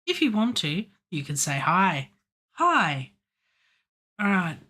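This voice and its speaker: Slow, playful woman talking to herself. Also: lowish voice, sing-song, sharp tone, slightly rough. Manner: playful, chatty, talks to herself. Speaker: home studio musician livestreaming. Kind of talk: casual live-stream self-talk while producing music.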